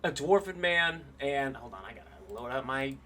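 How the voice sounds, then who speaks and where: A man running a tabletop game as game master, in a relaxed, rambling way with lots of fillers. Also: mid-range voice, normal speed, slight background noise.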